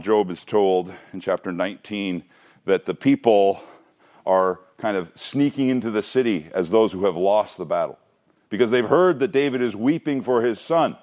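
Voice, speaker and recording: Middle-aged guy preaching thru a bible passage, lowish voice, chatty and animated. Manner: conversational, animated, frequent restarts. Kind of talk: expository Bible teaching.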